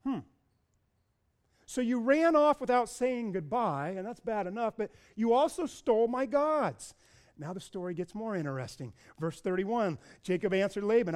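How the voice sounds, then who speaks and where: A man preaching a sermon, retelling a scripture story with lively asides and acting out the people's voices. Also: sits high, normal speed. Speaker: pastor.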